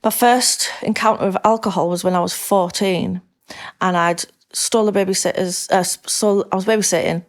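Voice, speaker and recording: A middle-aged woman with a Northern English accent speaks in a mid-range voice with fairly even intonation, a little fast. She's a podcast guest in a casual interview chat, talking candidly, rambling a bit and laughing easily.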